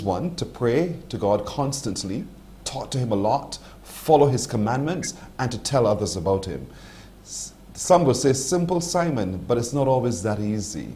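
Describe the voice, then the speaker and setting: A man hosting a morning TV interview, his speech rising and falling with a lively pitch range. He sums up his guest's points in reflective, almost preached phrases and frequently affirms what she says. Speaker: morning show host. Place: TV studio.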